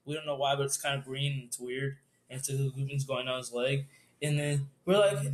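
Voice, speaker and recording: A man's voice: mid-range voice, a little fast, reverberant. A man rambling through an improvised zombie story with a friend, laughing often and leaning on lots of fillers.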